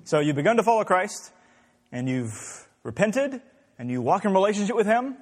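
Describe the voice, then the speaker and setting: A man's voice: high voice, big pitch swings, normal speed, a little mellow, long reverb tail. A man leading an interactive Bible class, asking the group many questions in a conversational way. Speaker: Bible study teacher.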